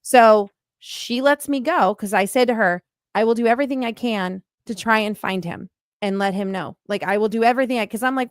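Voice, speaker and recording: A middle-aged woman casually telling a podcast host about her paranormal experience, in an animated, emphatic way with many fillers. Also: on the high side, a little fast, dry recording. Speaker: paranormal investigator guest.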